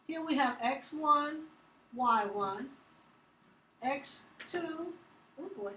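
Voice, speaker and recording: A woman's voice: high voice, expressive, slow pace, long pauses, pushed and bright, a little hiss or hum. A woman teaching math to a class, upbeat and teasing, asking students questions as she works through problems. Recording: echoey classroom from far off.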